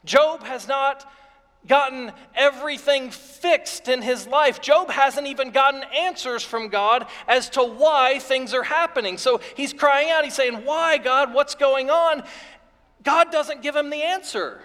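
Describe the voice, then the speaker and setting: A man's voice: very high-pitched, unhurried, sharp tone. A man preaching a sermon as pastor, earnest and repetitive in his phrasing. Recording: long reverb of a hall.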